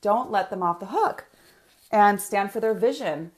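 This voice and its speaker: Animated woman coach, laughing often. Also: medium pitch, unhurried. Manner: animated, laughs often, frequent filler words. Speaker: business coach teaching a training. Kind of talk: live online coaching training.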